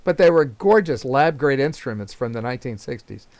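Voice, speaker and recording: An older man swaps stories at a club meeting over a video call, rambling from one anecdote to the next with chuckles and fillers. His voice sits at a middle pitch, and the sound is dry, close, and free of any room echo. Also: lively intonation, fairly quick, a little mellow. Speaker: invited speaker. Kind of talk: casual storytelling at a club meeting.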